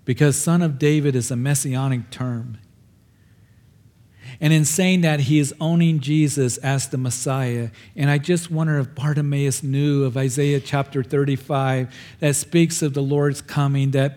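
Pastor, male, mid-pitched, storytelling sermon delivery that bursts into loud acted-out cries. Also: fairly even intonation, measured pace. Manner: storytelling, acts out cries with raised voice.

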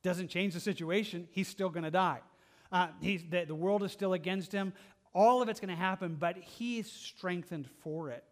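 A man preaching a verse-by-verse sermon as pastor, talking earnestly and conversationally, with restarts and soft laughs. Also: high-pitched, moderate pace.

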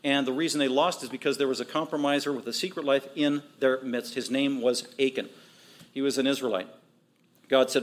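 A male pastor preaching a sermon, emphatic and repetitive, with quick asides. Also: medium pitch.

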